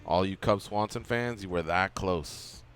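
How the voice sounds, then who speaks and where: Male sports radio host, lowish voice, casual and joking. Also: measured pace. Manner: joking, teasing, lively.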